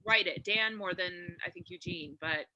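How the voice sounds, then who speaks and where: A woman's voice: on the low side, fairly even intonation, moderate pace, dull audio, background noise. A woman chatting enthusiastically on a video call as a party guest, with plenty of "like" fillers. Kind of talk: casual chat.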